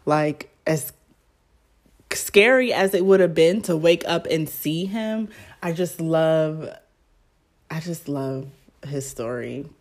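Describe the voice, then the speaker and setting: A woman's voice: low voice, animated, slow pace, pauses often, darkish tone. A young woman hosting her own podcast, chatting casually and rambling with lots of fillers. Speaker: podcast host. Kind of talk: casual solo podcast chat.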